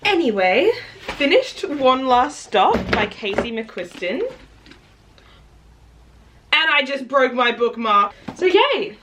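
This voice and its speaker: A woman telling stories in a casual reading vlog, chatty and animated, acting out what people said and laughing often. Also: fairly high pitch, slow, long pauses, a little hiss or hum. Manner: chatty storytelling, acts out quotes, laughs often. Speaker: book vlogger.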